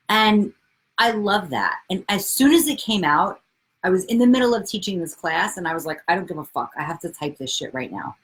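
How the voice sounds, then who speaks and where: A woman in her forties chats on a live video stream, bubbly and quick to get excited. Her pitch leaps and swoops all over the place as she greets people by name, and she swears casually along the way. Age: 40s. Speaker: livestream host, coach.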